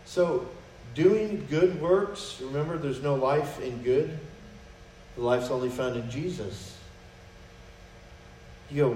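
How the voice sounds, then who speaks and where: A man's voice: mid-range voice, slow, long pauses, dark tone. A man preaching a sermon in a conversational way, acting out quoted prayers and dialogue, recorded from a distance in a church. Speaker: pastor. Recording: roomy echo, mic from a distance, faint noise.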